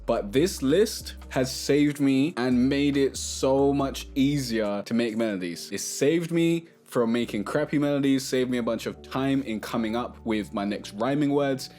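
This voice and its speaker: A man hosting a casual music tutorial, talking to camera in a relaxed, chatty way and sometimes singing short melody snippets. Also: medium pitch, a little slow, hardly any pauses.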